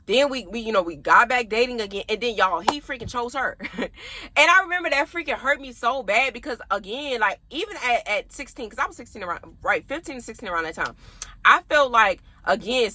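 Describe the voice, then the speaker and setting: A young adult woman chatting casually to her viewers, telling an animated storytime about her past. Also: fairly high pitch, a little fast. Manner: animated, talks straight to viewers.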